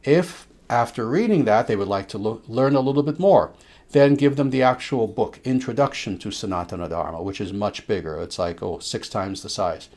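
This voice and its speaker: A man speaking as a spiritual teacher, answering listeners' questions in a slow, emphatic way with soft filler sounds. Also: on the low side.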